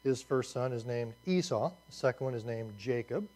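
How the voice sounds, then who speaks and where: A man teaching a lively overview lecture, telling the story with jokes and asides as he points at a map. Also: medium pitch, normal speed. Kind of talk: Bible survey lecture.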